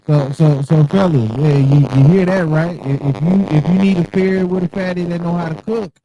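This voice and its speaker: A man's voice: fairly high pitch, fairly even intonation, brisk, mellow, highs cut off. A man, the host's nephew, bantering with dry joking pushback on a cooking show. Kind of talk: casual banter.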